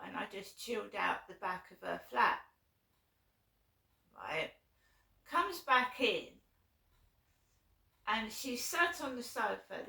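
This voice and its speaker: A woman vlogs a long, aggrieved story in a rambling, casual way, checking in with "right?" again and again. Her voice is a little high and bright, with vocal fry and a forceful edge. The room gives it an echo.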